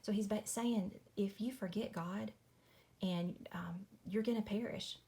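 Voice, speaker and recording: A woman's voice: mid-range voice, steady tone, normal speed, warm tone. A woman, chatting casually through a Bible study at home at night, apologetic and friendly, saying y'all. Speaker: Christian video host.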